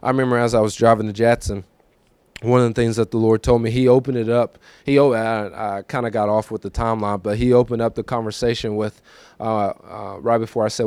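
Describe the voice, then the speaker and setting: A man in his thirties preaching a personal testimony in a conversational, emotional way, moving from quiet recollection to raised, emphatic lines. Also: lowish voice, steady tone, a little fast, clean tone, dry recording. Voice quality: conversational, emotional, repeats himself. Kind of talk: testimony sermon.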